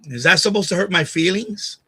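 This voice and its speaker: Speaking briskly in a high, pushed, bright voice with a slight roughness, a man on a live stream goes after a viewer in a combative, repetitive rant. The low-quality audio comes from a USB condenser mic on a boom arm at his home.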